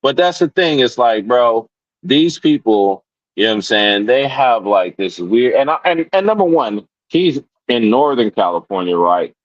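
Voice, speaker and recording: A man's voice: medium pitch, very animated, moderate pace, no room sound, highs cut off. A man telling a story in casual chat, rambling, with many restarts and fillers. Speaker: podcast guest.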